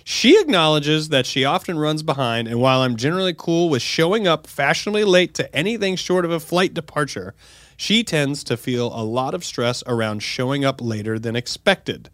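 A man's voice: fairly high pitch, normal speed, fairly bright tone, no room sound, studio quality. A man co-hosting a comedic advice podcast, reading a listener's letter aloud and then joking animatedly with his co-host.

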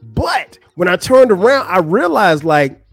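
A man's voice: fairly high pitch, normal speed, darkish tone, no room sound, faint music behind. Slangy male podcast storyteller. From United States. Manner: slangy, loose, with restarts. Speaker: podcast host. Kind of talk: casual storytelling.

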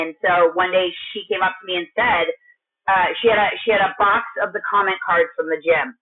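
A woman in her late thirties from Minnesota talks loudly and with energy, restarting her sentences as she tells her story. Her voice comes through a thin, phone-like line. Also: medium pitch. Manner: loud, energetic, chatty with many restarts. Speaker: guest, gym owner. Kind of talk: storytelling in a podcast interview.

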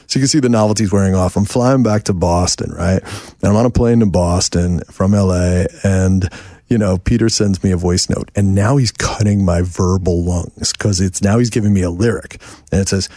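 This man from New York, a songwriter guest, talks fairly quickly in a low voice, captured in a dry, studio-quality recording. He's at a house telling a long, rambling story, animated and heavy on fillers.

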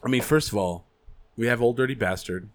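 A man's voice: medium pitch, fairly quick. A man co-hosting a podcast, joking and swearing freely in casual banter. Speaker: podcast co-host.

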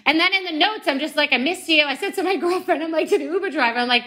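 A woman podcast host telling a joking, self-mocking story in a casual, animated way. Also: high-pitched, very fast.

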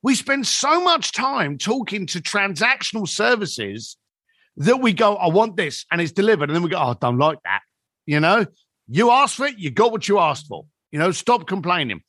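A man's voice: high-pitched, normal speed, no room sound, studio quality. A man in his fifties, a business coach, telling stories in a chatty podcast conversation and acting out the voices of the people in them. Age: 50s. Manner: animated, acts out quoted dialogue. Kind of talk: conversational storytelling.

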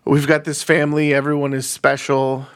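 A man's voice: on the high side, completely flat delivery, moderate pace, clear, resonant tone. A man co-hosting a movie podcast in a loose, rambling, laughing chat. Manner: laid-back, rambling, laughs often. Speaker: podcast co-host. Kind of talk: casual chat.

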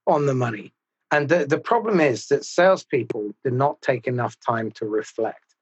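A man hosting a podcast, talking in a measured, thoughtful and slightly formal way. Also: mid-range voice, expressive, slightly rough, muffled recording. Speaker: podcast host. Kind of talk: reflective interview talk.

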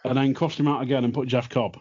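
A man's voice: medium pitch, fast talker, slight background noise. Man, easygoing podcast chat, mid voice, dull lo-fi mic. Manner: relaxed, listing picks with asides. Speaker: wrestling podcast panelist. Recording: lo-fi remote mic.

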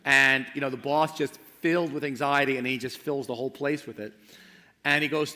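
A man preaching a sermon, impassioned and then hushed and intimate, with frequent restarts. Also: mid-range voice, fairly even intonation, brisk. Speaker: pastor. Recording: long hall reverb.

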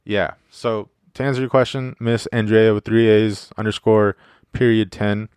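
A man's voice: fairly low pitch, fairly even intonation, moderate pace, a little mellow, clean tone, dry recording, studio quality. A man hosting a casual solo podcast, rambling and joking with plenty of profanity and fillers. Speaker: podcast host.

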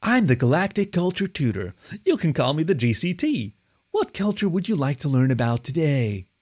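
A man voicing a cheerful holographic tutor who lectures brightly to children. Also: a little high, big pitch swings, normal speed, pitched above the performer's own voice.

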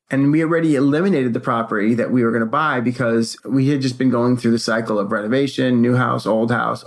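Gravelly man telling a story casually. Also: medium pitch. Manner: animated, acts out quotes. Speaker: co-host.

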